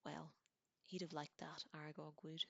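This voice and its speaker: A woman whispering as a tearful gruff giant, whispered role-play. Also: low-pitched, little pitch movement, no echo, lo-fi sound. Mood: choked. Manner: halting, choked, tearful speech. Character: grieving giant male groundskeeper, gruff.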